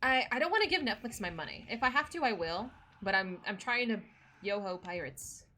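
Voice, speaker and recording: A woman's voice: on the high side, very animated, quick pace, sharp tone. A young woman streaming a scary game, talking with her chat in a nervous, chatty way and swearing now and then. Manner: chatty, jumpy, swears, reads chat aloud. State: nervous, scared.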